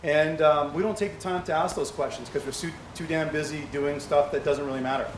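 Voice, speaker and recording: Middle-aged man, slightly higher voice, chatty anecdotal speaker with rhetorical questions, echoey hall. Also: steady tone, fairly quick. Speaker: speaker at a charity fundraiser. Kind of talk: conversational speech to an audience. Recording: echoey hall with faint background hum.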